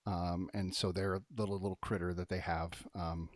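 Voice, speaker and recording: Fast-talking man hosting a movie stream. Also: deep voice, flat delivery, no echo, studio quality. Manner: talks fast, thinks out loud, lots of "um" and "anyway". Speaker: host of a movie review stream. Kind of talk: casual live-stream chat.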